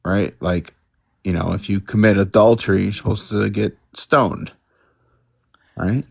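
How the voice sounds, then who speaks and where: A low, gravelly man's voice, recorded close and dry. He presses his point in a casual debate with probing questions. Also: steady tone, unhurried, no room sound. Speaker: podcast co-host.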